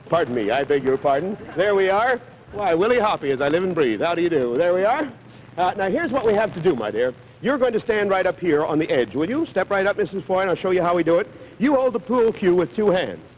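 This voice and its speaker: A man hosting a live television game show, chatty and brisk as he coaxes contestants through a stunt. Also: sits high, sing-song, big-room sound, slight background noise, poor audio.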